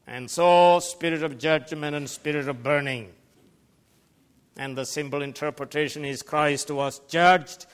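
A man preaching a sermon as pastor, emphatic, swinging between loud declarations and quiet asides. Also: on the high side, smooth. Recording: long reverb of a large hall.

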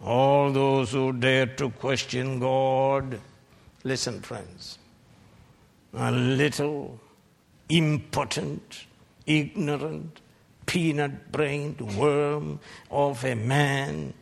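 A man preaching a fiery sermon, rebuking his hearers and bursting into shouted peaks between slow, deliberate lines. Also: mid-range voice, steady tone, gravelly. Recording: long hall reverb.

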